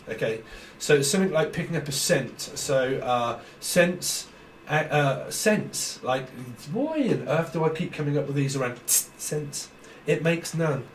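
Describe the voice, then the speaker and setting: British man, tarot reader, a touch high-pitched, rambling and chuckling, off-mic in an echoey room with faint hiss. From Britain. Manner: rambling, stream-of-consciousness, laughs often. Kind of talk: casual tarot reading monologue. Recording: roomy echo, slightly distant mic, faint noise.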